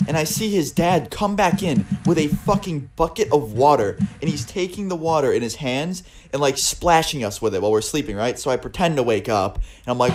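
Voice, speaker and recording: A man's voice: medium pitch, fairly quick, few pauses, a little mellow, a little hiss or hum. Casual, profane young male storyteller. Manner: casual and profane, with a lot of filler words. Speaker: storytelling vlogger.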